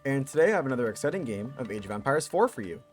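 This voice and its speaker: A man giving casual, chatty commentary on a strategy video game as its caster, with joking asides and lively emphasis. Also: medium pitch, rapid-fire, faint music behind.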